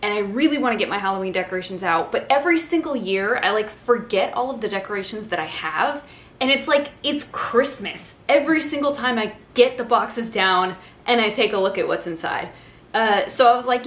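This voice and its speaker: A woman's voice: fairly high pitch, expressive, normal speed, fairly bright tone. A young woman vlogger sitting on her living room floor, chatting in a rambling, self-mocking way as she goes through her decorations. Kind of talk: casual chat. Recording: echoey room with faint ambience.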